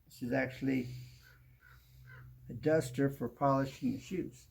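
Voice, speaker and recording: A man's voice: mid-range voice, unhurried, creaky, a little hiss or hum. A man hosting a home improvement how-to, talking casually as he works and often saying "kinda". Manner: relaxed, talks while working, repeats "kinda" often. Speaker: home improvement show host.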